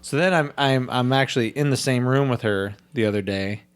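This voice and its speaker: A man's voice: mid-range voice, a little fast, smooth. Swearing man telling a work story. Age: has a young daughter. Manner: swearing storyteller, animated quoting of others. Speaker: podcast host. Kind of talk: casual podcast chat.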